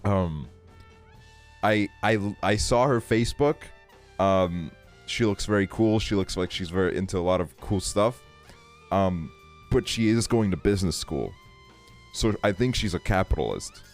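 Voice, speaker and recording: A man's voice: sits low, lively intonation, a little slow, soft background music. A young man streaming a game, telling a casual story in a rambling way, full of fillers and swearing. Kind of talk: casual storytelling while gaming.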